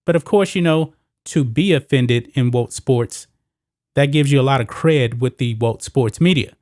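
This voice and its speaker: A man hosting a solo sports commentary show, talking emphatically and pushing his pitch up on the points he stresses. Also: moderate pace, darkish tone, no echo, studio quality.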